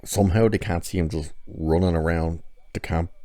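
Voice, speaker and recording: A man with a very low, dark, mellow voice talks through an episode recap in loose, chatty fashion. He is sarcastic and swears freely, and the sound is dry and close. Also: fairly even intonation, normal speed, dry recording. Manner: sarcastic, profane, chatty storytelling. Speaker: TV episode reviewer. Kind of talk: casual spoken recap and review.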